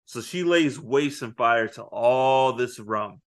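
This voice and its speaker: Man retelling a movie, acting out lines. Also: medium pitch. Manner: retells scenes, acting out lines in quick voices. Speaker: podcast co-host. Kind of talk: casual movie review chat.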